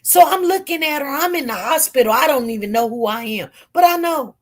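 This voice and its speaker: A woman with a Detroit accent telling her own story to viewers in an animated, emphatic way, often repeating her words. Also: high-pitched, a little fast. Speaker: live-stream commentator.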